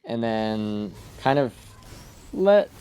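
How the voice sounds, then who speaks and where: Extremely slow and sing-song, with a warm tone and the highs cut off, a man chats lazily with viewers while streaming a game. He's sleepy and yawning, rambling in a laid-back manner and fading out with fillers.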